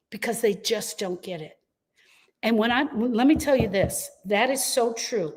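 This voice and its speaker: A woman's voice: fairly high pitch, a little slow, a little mellow. A middle-aged woman who coaches grieving parents, speaking earnestly and emphatically in a live talk and repeating her key phrases to reassure them. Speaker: grief coach and host.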